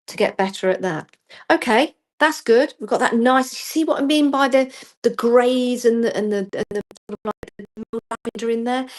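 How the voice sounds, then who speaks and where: Casual female craft host, self-deprecating, talks while she works. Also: a little high. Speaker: craft demonstrator. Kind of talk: live crafting demo.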